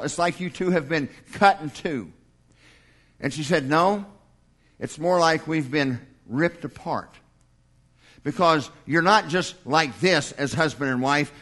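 An older man preaching a sermon with a folksy, humorous touch. His voice sits fairly high for a man, and he slips into small acted-out exchanges. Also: a bit bright. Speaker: pastor.

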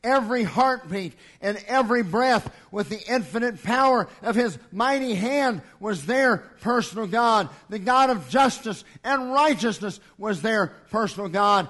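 A man preaching a sermon in a church with an impassioned, repeating cadence, swinging from loud declarations to hushed lines. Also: sits high, animated, unhurried, few pauses.

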